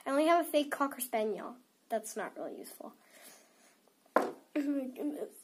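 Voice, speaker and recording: A teenage girl with a slightly high voice and a blocked, stuffy nose talks casually to camera. She giggles often and rambles, filling her sentences with "like". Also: lively intonation, moderate pace. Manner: giggly and rambling, many "like" fillers. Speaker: toy unboxing vlogger.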